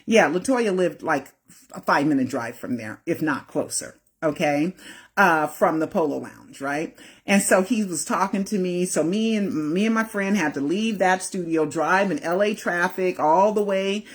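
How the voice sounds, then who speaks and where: A woman's voice: lowish voice, normal speed, breathy edge. A woman telling a personal story in a casual, chatty way, often tagging on "right?" and "okay". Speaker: independent journalist.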